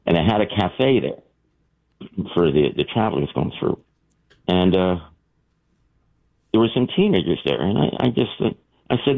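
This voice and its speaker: A man calling a radio show, telling stories in an animated way, stammering and repeating words. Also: deep voice, moderate pace, gravelly, long pauses. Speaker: caller. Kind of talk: anecdotal storytelling on a call-in show. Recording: tinny phone line.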